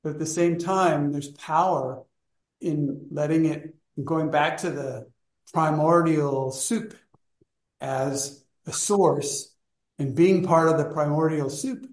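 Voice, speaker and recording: A man's voice: on the high side, steady tone, slow, reverberant. A man in a study group, casually telling a personal story and rambling as he searches for words.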